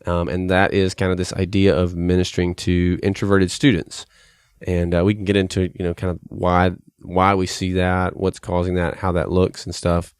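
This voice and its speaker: A man's voice: low-pitched, monotone, normal speed, clean tone, no echo, studio quality. Chatty American man hosting a podcast. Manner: chatty, self-deprecating, many fillers and restarts. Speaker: podcast host, youth pastor. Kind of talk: casual podcast interview.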